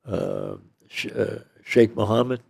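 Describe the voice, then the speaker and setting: This is an older man with a rough, gravelly voice that sits a little low. He tells his story in a loose, rambling way, leaning on "you know" and "okay?" as an interview guest. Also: slow, darkish tone.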